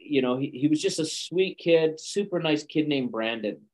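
Man, podcast guest, animated storyteller, chuckles often, a bit higher-pitched. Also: moderate pace, rough recording. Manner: lively anecdotes with frequent chuckles. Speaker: guest actor and speaker. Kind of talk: conversational storytelling.

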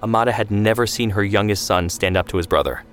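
A man's voice: fairly low pitch, fast talker, fairly bright tone, faint music behind. Man narrating a history story. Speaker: storyteller and host. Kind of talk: scripted narration.

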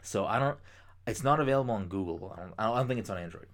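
Rambling, excitable young man. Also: fairly low pitch, quick pace. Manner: excitable, rambling, swears casually. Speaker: podcast co-host. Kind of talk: casual chat.

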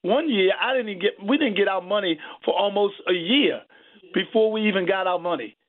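A man's voice: high voice, expressive, normal speed. A man calling in to a radio show, emotional and rambling, restarting his sentences often. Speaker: caller. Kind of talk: radio call-in. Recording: tinny phone line.

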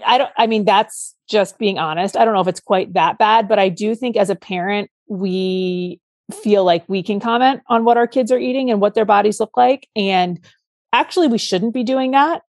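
A podcast co-host speaks in a medium-pitched, darkish voice, chatting casually and earnestly about parenting advice. She walks through examples step by step and even acts out a child's outburst. There's no room sound.

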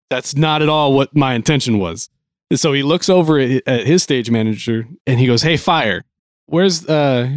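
A man's voice: mid-range voice, no room sound, studio quality. A man telling a long work anecdote in casual chat, acting out the people he quotes. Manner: animated, acts out quoted dialogue. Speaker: guest telling a story. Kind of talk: casual storytelling.

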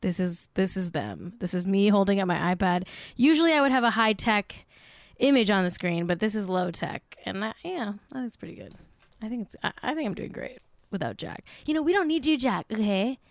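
A woman's voice: medium pitch, sing-song, a little fast, gravelly, no room sound, studio quality. A young woman hosting a casual celebrity gossip podcast, chatty and self-mocking, swearing now and then and saying "like" a lot. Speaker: podcast host.

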